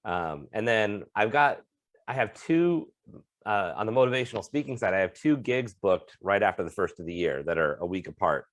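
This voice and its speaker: A man's voice: lowish voice, sing-song, normal speed, no echo. A man co-hosting a comedy podcast, talking in an earnest, thoughtful and supportive way. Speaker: podcast co-host, comedian and motivational speaker. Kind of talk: casual chat.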